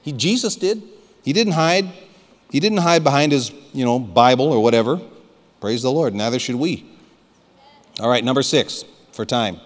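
A man's voice: mid-range voice, expressive, normal speed, pauses often, big-room sound. A man preaching a sermon as pastor, fervent and emphatic, urging his listeners to listen.

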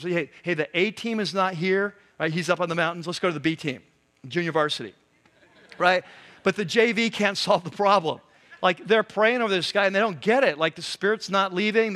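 High-voiced man preaching conversationally. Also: a bit bright. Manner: conversational preaching with many asides and "right?". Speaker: pastor. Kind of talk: sermon.

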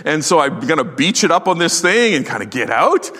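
A middle-aged man preaching a sermon in a lively, joking, conversational way. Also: fairly high pitch, fairly quick. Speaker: pastor. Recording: long hall reverb.

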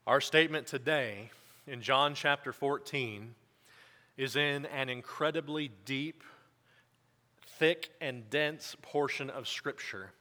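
A male pastor giving church announcements and then a sermon, halting with fillers at first and then preaching emphatically. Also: mid-range voice, sharp tone. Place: church sanctuary. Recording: long church reverb.

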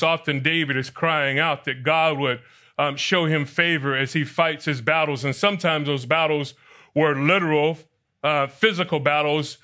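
A man's voice: a little high, sharp tone. A man preaching a sermon, asking his listeners questions and reading scripture aloud. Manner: asks the congregation questions and reads scripture aloud. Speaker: pastor.

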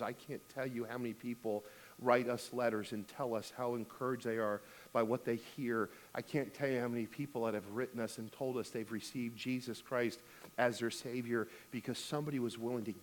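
In a medium-pitched voice, a middle-aged man delivers a sermon as a pastor. He starts with a humorous story about his family before emphatically exhorting listeners to give.

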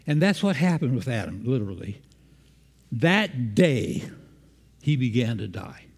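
A man's voice: mid-range voice, big pitch swings, measured pace. Man preaching in a reverberant hall. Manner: engaging, quizzes the congregation. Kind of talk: sermon.

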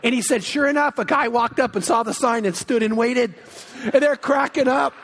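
Male pastor, high voice, animated storyteller, sanctuary reverb. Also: normal speed. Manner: animated storytelling, acts out quotes. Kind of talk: sermon. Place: church sanctuary. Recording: long hall reverb.

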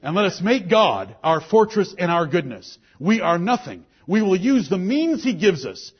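A pastor preaches to his congregation in a husky, high voice that swoops up and down, very animated and at a moderate pace. He speaks emphatically and quotes King James scripture, giving it a solemn, old-fashioned ring. The recording is dull and lo-fi.

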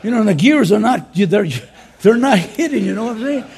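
A male pastor preaching a conference sermon to fellow pastors, swinging between loud urging and soft earnest asides, with joking conversational remarks. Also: high voice, expressive, fairly quick, creaky, breathy edge.

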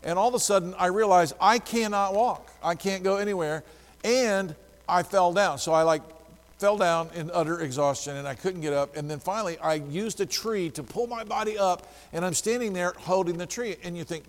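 A male pastor preaching a sermon, telling a story lively and acting out the dialogue. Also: high-pitched, moderate pace, big-room sound.

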